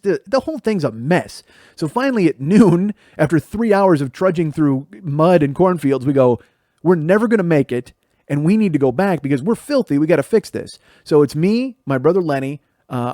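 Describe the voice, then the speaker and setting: A man in his forties from Illinois hosts his own show, spinning a profane family story. He acts out the voices of his mother and brother as he goes. His voice sits a little high and sounds close and dry, with no room behind it. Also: darkish tone, dry recording. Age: 40s. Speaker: podcast host. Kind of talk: storytelling monologue.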